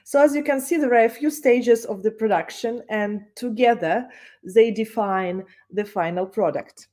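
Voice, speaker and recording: A woman instructor giving an online lecture, explaining slowly with many hesitations. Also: on the high side, warm tone.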